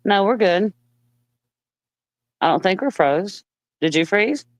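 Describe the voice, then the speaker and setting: A woman co-hosting a casual live stream chat, talking in an animated, sing-song way. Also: mid-range voice, slow pace, no echo.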